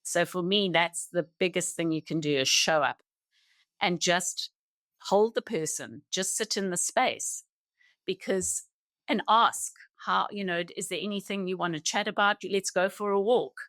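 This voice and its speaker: Earnest middle-aged woman, low and dry. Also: fairly bright tone, dry recording. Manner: earnest, halting, with many restarts. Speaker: podcast guest. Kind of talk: reflective personal conversation.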